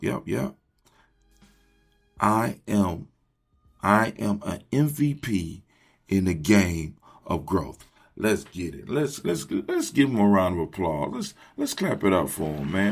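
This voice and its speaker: A man's voice: fairly low pitch, big pitch swings, unhurried, creaky, long pauses, slightly rough, faint music behind. A man hosting a motivational morning talk, leading his listeners in call-and-response and repeating phrases like a preacher. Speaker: host.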